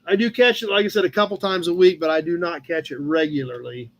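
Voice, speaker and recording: A Midwestern American man hosts a casual live-stream chat, his voice pitched high. He rambles easily through viewers' posts, sprinkling in fillers and thanking people by name. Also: fast, dull audio. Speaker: host of a live car-hobby chat show. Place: home room with a cat nearby.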